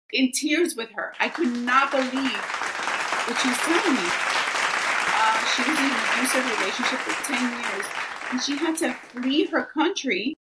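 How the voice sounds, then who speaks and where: A woman with a bright, slightly high voice answers interview questions in an earnest, heartfelt way, filling pauses with "you know." Faint crowd chatter can be heard behind her. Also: rough recording. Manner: earnest, emotional, many "you know" fillers. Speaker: guest, esthetician.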